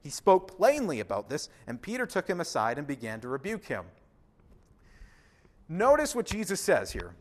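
A man's voice: on the high side, wildly swooping pitch, normal speed. A man preaching a sermon in an earnest, emphatic manner, speaking directly to his listeners. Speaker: pastor.

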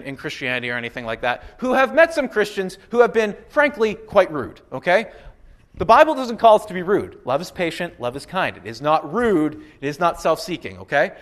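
A high-pitched man preaching a sermon. He is animated and emphatic, drives his points home with repetition, and slips into quick acted-out voices of others. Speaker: pastor.

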